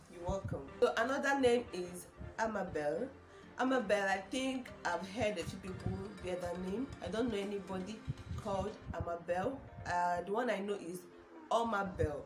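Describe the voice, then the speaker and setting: A young woman with a Nigerian accent talks to camera in an excited, gushing way, repeating herself and exclaiming often. Her voice sits at an ordinary middle pitch. The room is roomy and echoey, with music playing clearly behind her. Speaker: vlogger. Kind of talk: casual chat to camera.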